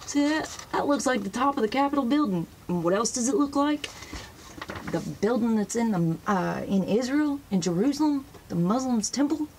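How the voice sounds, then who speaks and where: A woman hosting a casual show-and-tell video, excitedly pointing out pictures in books and dropping in praise phrases as she rambles. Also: on the high side, normal speed, slight background noise, low-quality recording. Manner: sprinkles praise phrases into talk. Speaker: religious video host.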